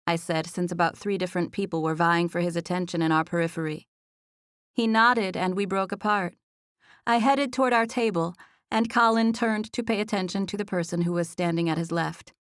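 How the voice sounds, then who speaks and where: A woman narrating a first-person romance audiobook in an even storytelling voice, recorded in a studio. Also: lowish voice, brisk, dry recording.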